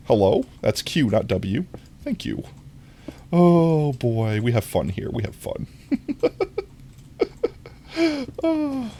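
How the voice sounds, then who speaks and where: Live streamer, casual gameplay chat, giggly and playful, pitch swings wildly up into squeaks. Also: huge pitch swings, drawn-out words, pauses often, darkish tone. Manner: playful and giggly, often jumping into a squeaky high voice.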